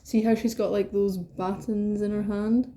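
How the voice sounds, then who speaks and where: Lady doing a tarot reading, gets super excited, swears a lot, mellow kinda dark voice. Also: mid-range voice, moderate pace, a little hiss or hum. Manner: excitable, swears freely, rambling asides. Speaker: tarot reader. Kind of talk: casual tarot reading to camera.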